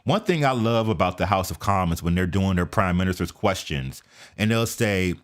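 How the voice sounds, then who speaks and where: An American man giving casual, talkative commentary on a live stream. He keeps checking in with "okay?" and mutters quietly to himself while he sets things up. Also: low voice, animated, normal speed. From United States. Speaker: reaction video streamer.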